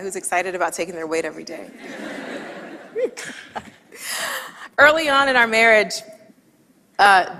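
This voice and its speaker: A woman giving a talk, telling a humorous story with quoted dialogue in a lively way. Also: medium pitch. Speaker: speaker. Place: large hall with audience. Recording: long hall reverb.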